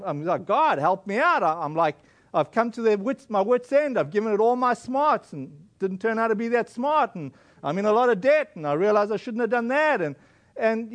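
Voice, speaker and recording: A man from South Africa preaching a sermon, telling a personal testimony in an earnest, storytelling way with many restarts. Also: high voice. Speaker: pastor.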